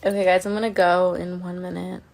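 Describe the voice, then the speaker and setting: A woman's voice: on the low side, flat delivery, fairly quick, vocal fry, a little mellow. A woman chatting casually on a phone livestream, reading and answering fan comments in an affectionate way and swearing now and then.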